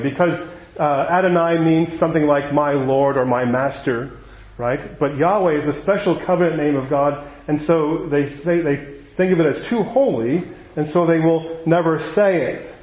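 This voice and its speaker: Chatty preacher in an echoey room. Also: male voice, a little high. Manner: conversational and animated, with asides and chuckles. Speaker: pastor. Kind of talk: sermon. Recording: echoey room, dull lo-fi sound.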